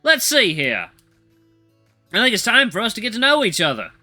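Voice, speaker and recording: A man voicing an eager, flustered young male shepherd-dog mentor with a put-on Australian accent, loud and apologetic. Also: sits high, huge pitch swings, moderate pace, dry recording, faint music behind, pitched above the performer's own voice, exaggerated voice. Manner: breathless, apologetic, overexcited.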